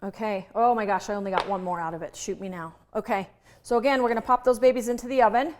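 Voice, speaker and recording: A woman chef walks through a home-style recipe in a kitchen, talking casually and tossing in playful asides. Her voice sits at an ordinary middle pitch, with a faint hiss of noise behind it. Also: quick pace. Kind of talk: casual home cooking demonstration.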